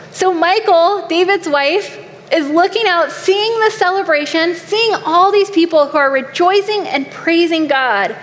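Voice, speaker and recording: A woman preacher giving an earnest, exhorting sermon to a women's gathering in a large hall. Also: sits high. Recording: long hall reverb, faint noise.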